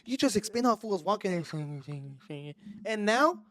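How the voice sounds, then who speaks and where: A man, a podcast co-host telling a story in animated casual chat and mixing Spanish into his English. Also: sits high, a little slow, no room sound. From Mexico.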